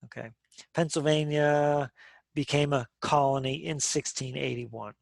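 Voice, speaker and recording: Male teacher, conversational classroom lecturer, fairly high voice, dry close sound. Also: fairly even intonation, unhurried, creaky, no echo. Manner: conversational, asks the class questions, many restarts. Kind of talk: social studies lecture to a class.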